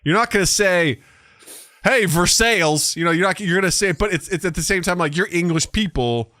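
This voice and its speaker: A man's voice: high-pitched, quick pace, sharp tone, no room sound, studio quality. A man co-hosting a podcast, rambling and joking in casual chat with some swearing. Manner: rambling, profane, jokey. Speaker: podcast co-host.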